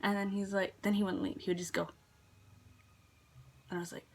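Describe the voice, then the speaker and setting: A woman's voice: medium pitch, flat delivery, fairly quick, creaky. A teenage girl casually telling work stories in a vlog, chatty with lots of fillers, sometimes dropping to a whisper. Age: teens. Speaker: vlogger.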